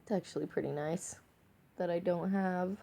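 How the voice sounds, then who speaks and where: A woman's voice: fairly low pitch, steady tone, moderate pace, creaky, dark tone. A tipsy woman vlogging in a casual, rambling way, giggling often between her words. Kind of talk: casual rambling chat to camera.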